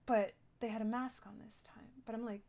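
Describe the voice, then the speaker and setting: A woman's voice: fairly high pitch, steady tone, normal speed, darkish tone. A young woman telling a rambling, shaken story in character during a role-play game, full of "like" and restarts.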